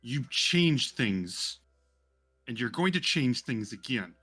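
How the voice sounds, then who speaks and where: A man's voice: medium pitch, sing-song, takes it slowly, pushed and bright, breathy edge, faint music behind, exaggerated voice. A man voicing an angry old grandmother who weaves fate, scolding and imperious. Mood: agitated. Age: over 60.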